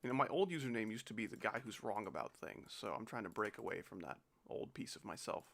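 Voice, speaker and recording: A man's voice: lowish voice, expressive, fast talker, creaky, fairly bright tone. A young man hosting a live stream, chatting casually and joking with chat and a friend while playing. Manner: joking, giggly, reads out chat.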